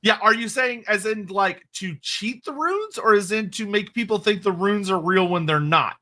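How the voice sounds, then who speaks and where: A man co-hosting a casual livestream, reading chat questions and answering quickly, with restarts and laughs. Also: high voice, lively intonation, pushed and bright. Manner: quick, digressive, laughing, self-correcting.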